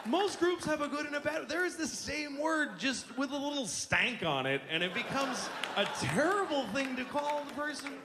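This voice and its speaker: Emphatic high-voiced man doing stand-up. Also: lively intonation, normal speed, few pauses. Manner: emphatic, building to loud punchlines. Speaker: stand-up comedian. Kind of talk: stand-up comedy. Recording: large hall with crowd noise.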